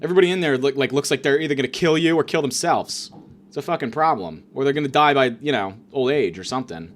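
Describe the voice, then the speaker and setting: A man's voice: medium pitch, lively intonation, fast talker. A man telling a profane comic story in a stand-up style, exasperated and mocking.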